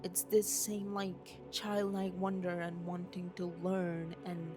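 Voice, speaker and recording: A young woman vlogging at home, rambling excitedly and swearing casually about a film while waving a handheld mic. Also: on the low side, slow, over music. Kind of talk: unscripted excited movie rant. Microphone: handheld mic waved around.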